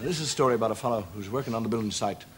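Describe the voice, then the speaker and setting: A middle-aged Irish man doing stand-up, telling jokes in a wry storytelling manner and slipping into quick character voices. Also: on the low side, over a noisy crowd, very noisy. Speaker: comedian.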